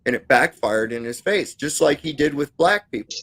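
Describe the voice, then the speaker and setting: A man's voice: on the high side, lively intonation, normal speed, a bit bright, husky. A man talking bluntly and profanely in a casual livestream chat over a video call, with frequent fillers and restarts.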